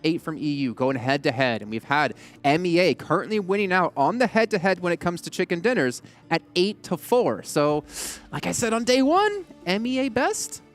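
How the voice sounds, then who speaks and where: A man hosting an esports broadcast desk, with an energetic, upbeat hype delivery. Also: high voice, moderate pace, few pauses, faint music behind.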